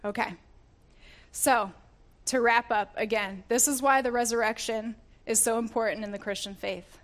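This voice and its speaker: Woman preacher, earnest teaching tone, pitch on the higher side, warm scripture reading. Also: fairly even intonation, normal speed. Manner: earnest, laughs often, self-correcting restarts. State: getting emotional.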